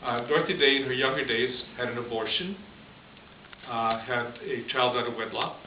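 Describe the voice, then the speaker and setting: Speaking at a moderate pace in a mid-range voice, the priest shares a story in his homily. His manner is conversational and full of chuckles, and the recording is distant, echoey, lo-fi and hissy.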